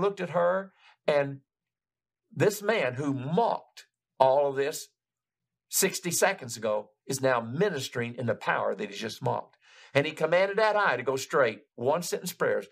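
An older man preaching a sermon, retelling a story in an animated, building way with frequent restarts. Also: on the high side, unhurried, vocal fry.

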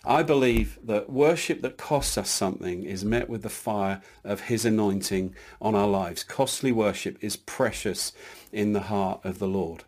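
A man's voice: a little slow, darkish tone. A man preaching a sermon in an earnest, emphatic way, reading scripture aloud with some small hesitations. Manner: earnest, emphatic, builds in lifts of pitch.

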